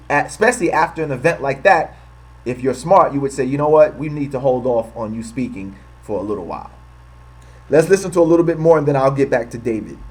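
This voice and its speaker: A man from the United States delivers a heated monologue for his online channel, repeating and restarting phrases as he pushes his point. His voice sits a bit high for a man. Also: slightly rough. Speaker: host. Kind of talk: commentary video monologue.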